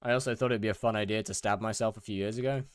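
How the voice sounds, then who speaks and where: A man's voice: fairly low pitch, steady tone, very fast, smooth, dry recording. A young British man casually chatting with his viewers while gaming, often stammering and repeating words. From United Kingdom. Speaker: streamer. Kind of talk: casual live-stream chat while gaming.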